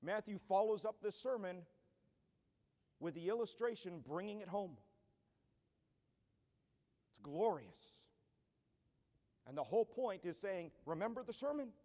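A man's voice: sits high, expressive, slow pace, pauses often, mellow. A man pastor preaching a sermon in an earnest style that builds to emphatic declarations. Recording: long church hall reverb.

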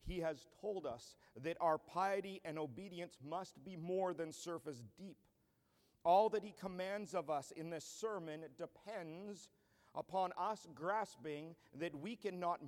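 A man's voice: high voice, unhurried. A man pastor preaching a sermon in an earnest style that builds to emphatic declarations. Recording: long church hall reverb.

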